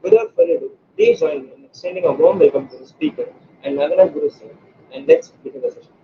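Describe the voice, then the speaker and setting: A man's voice: high-pitched, huge pitch swings, quick pace, vocal fry. Man reading a flowery introduction. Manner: formal, flowery. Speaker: event organizer. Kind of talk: read formal introduction. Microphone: video call. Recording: muffled video call with faint noise.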